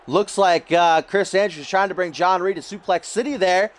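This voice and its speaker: A man doing jokey, excitable play-by-play commentary over a wrestling video game, getting loud at the big moments. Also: high-pitched, moderate pace.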